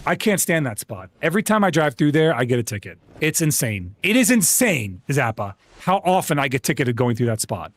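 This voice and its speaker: Man, gaming streamer, casual chatty talk, upbeat, repeats words, lively pitch. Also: fairly quick, few pauses. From United States. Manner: chatty and upbeat, restarts words often, calls people bro and dude. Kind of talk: casual live-stream chat while gaming.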